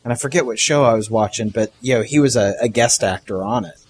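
A man's voice: medium pitch, expressive, quick pace, creaky, slightly rough. A man hosting a podcast, chatting casually and laughing easily. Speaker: podcast host. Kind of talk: casual chat.

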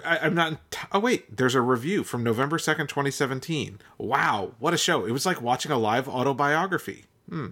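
Guy co-hosting a podcast, laid back and wry, mid-pitched normal voice. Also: fairly quick, hardly any pauses, breathy edge. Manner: relaxed, wry, reads things aloud. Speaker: podcast co-host. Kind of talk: casual chat.

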